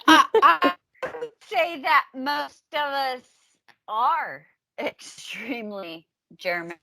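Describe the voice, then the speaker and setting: A woman co-hosting a comedic history podcast, telling the story in a playful, animated way with frequent laughter. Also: sits high, slow, vocal fry, background noise. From United States. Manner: animated storytelling with giggles and silly voices. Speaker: podcast co-host.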